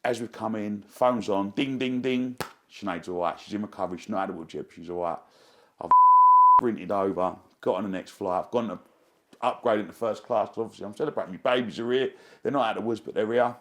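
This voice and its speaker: A man spins a breathless personal story for an interviewer. His voice sits a little low, and he rambles along with slang and quick restarts, caught up in the telling. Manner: excitable, rambling, fond of slang. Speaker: interview guest. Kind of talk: animated anecdote telling.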